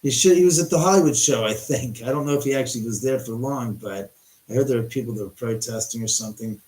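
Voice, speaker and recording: Excitable, rambling male livestream host, mid pitch, in an echoey room. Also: fast. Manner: rambling, excitable, many restarts and profanity. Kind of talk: live-stream storytelling. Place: his house.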